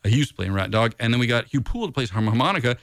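A man's voice: medium pitch, big pitch swings, rapid-fire, a bit bright, dry recording. A man, a blues musician, chatting casually in an interview and rambling in a laid-back way with lots of filler. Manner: rambling and laid-back, heavy on "you know" and "dude".

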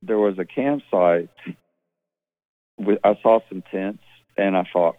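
A man from Mississippi, telling rambling, relaxed stories in a phone interview. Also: low-pitched, unhurried, no echo. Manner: rambling, relaxed, with many restarts. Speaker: musician guest. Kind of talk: phone interview, casual storytelling. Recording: dry, tinny phone line.

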